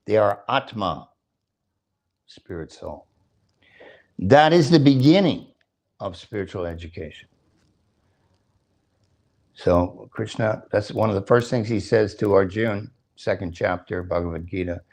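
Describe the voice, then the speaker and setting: An older man speaks at a temple, explaining scripture, chanting verses, and questioning his listeners, with jokes and chuckles between points. His lowish, slightly mellow voice is unhurried and fry-tinged, with long pauses.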